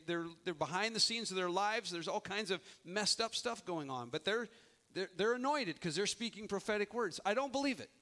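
A man's voice: high-pitched, sharp tone. A middle-aged male pastor giving a sermon in a conversational, emphatic way, often restarting his sentences.

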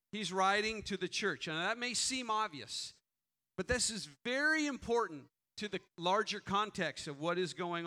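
Man preaching as pastor: high-pitched, bright, earnest delivery with repeated questions. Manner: earnest, rhetorical questions, frequent restarts; prays quietly and slowly. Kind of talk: sermon.

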